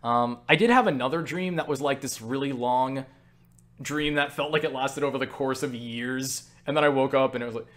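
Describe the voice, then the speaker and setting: A young man answers viewer questions on his own channel, recorded on a webcam mic; his voice is mid-range and fairly bright, at a moderate pace. The stories he tells to camera drift along with plenty of "you know" and "like," plus casual swearing and self-mockery.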